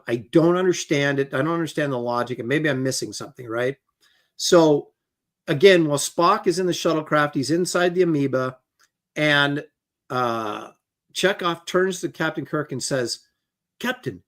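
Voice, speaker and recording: A man with a slightly raised pitch talks loosely through a casual livestream chat. He rambles, restarts often and acts out quoted dialogue. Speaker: podcast co-host.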